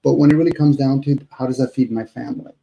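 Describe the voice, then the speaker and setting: A man's voice: mid-range voice, fairly even intonation, fast, creaky, muffled recording. A man who is a guest on a live online panel, talking in a rambling, reflective way full of rhetorical questions. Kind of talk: casual live panel chat.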